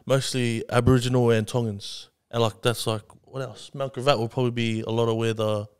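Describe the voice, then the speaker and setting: A man's voice: medium pitch, flat delivery, brisk, clean tone. A man hosting a casual podcast chat, laid-back and full of swearing and "bro". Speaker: podcast host.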